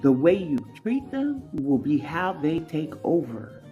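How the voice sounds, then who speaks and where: A woman's voice: deep voice, very animated, a little slow, dark tone, muffled recording, soft background music. A woman speaking on an online panel, talking casually with rhetorical questions. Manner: conversational, rhetorical questions, many fillers.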